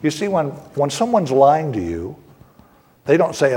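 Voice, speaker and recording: A man preaching a sermon, earnest and deliberate, slowing down to stress key words. His voice is somewhat husky. A long hall reverb trails behind him. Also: a little high, sing-song, mellow. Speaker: pastor.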